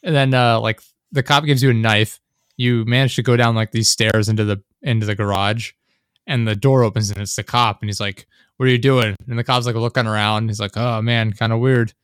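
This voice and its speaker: Young man, casual rambling chat, animated, dry close sound; acts out scenes. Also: lowish voice, fairly quick, clean tone, dry recording.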